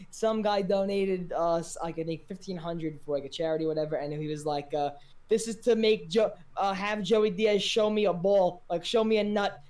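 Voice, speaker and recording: A man talking as a guest on a casual podcast, telling stories with lively, loud quoted voices. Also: high voice. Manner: animated storytelling, voices quotes loudly. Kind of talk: casual chat.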